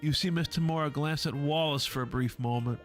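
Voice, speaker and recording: A man's voice: fairly high pitch, a little fast, soft background music. A man reading a visual novel aloud in a dramatic way, acting out the characters and adding his own asides. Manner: lively, voices each character, adds asides. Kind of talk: dramatic read-through of a game.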